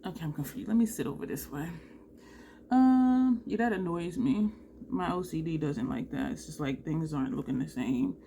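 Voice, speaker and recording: Woman, beauty vlogger, casual makeup chat, low-pitched, faint room hum. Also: moderate pace, creaky. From New Jersey. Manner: chatty and animated, laughs often.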